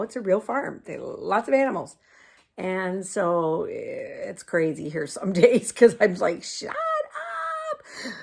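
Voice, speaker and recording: A woman's voice: medium pitch, creaky. An older woman talks casually to her camera in a chatty, rambling way. She laughs often and slips into a cooing tone when she speaks to her dogs. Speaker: vlogger.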